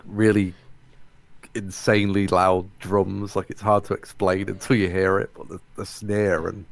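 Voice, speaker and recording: Super deep gravelly guy, chill, lots of uhs and likes. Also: little pitch movement, dry recording. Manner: laid-back, halting, lots of fillers. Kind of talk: casual podcast chat.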